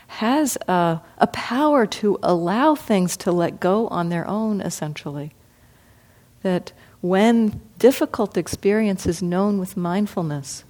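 A woman meditation teacher giving a reflective dharma talk, gently acting out her own inner thoughts as she speaks. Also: mid-range voice.

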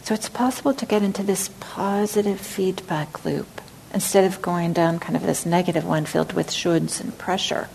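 A woman meditation teacher giving a dharma talk, speaking gently and reflectively, sometimes dropping to a soft near-whisper. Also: fairly low pitch, normal speed, creaky, hardly any pauses, a little hiss or hum, poor audio.

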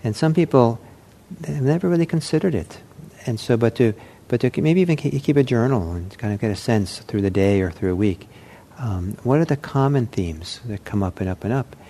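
A man giving an unscripted meditation talk, speaking in a gentle, reflective way with frequent pauses and restarts. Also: medium pitch, expressive, slight background noise. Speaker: meditation teacher.

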